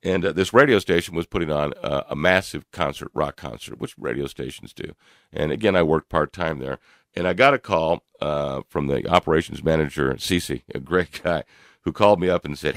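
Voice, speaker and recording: An older man co-hosting a radio talk show, telling a personal story in an animated way with frequent laughs and fillers. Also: low-pitched, normal speed, dry recording, clean studio sound. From Louisville, Kentucky area. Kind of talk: storytelling in casual chat.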